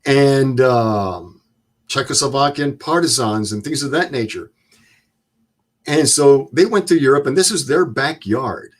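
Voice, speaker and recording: A man in his seventies, a guest, telling stories in a plain-spoken, measured way. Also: mid-range voice, expressive. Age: 70s. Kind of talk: storytelling interview.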